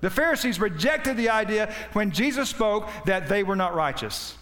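A man preaching a sermon with passion, his voice swinging between loud high peaks and low quiet stretches. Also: expressive, moderate pace, long reverb tail. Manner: impassioned, rising and falling in pitch and volume.

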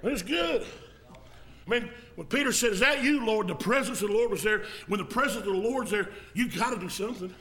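A man preaching as an evangelist in a folksy style, now and then rising to a shout and coughing. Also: high-pitched, expressive, fairly quick. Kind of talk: sermon.

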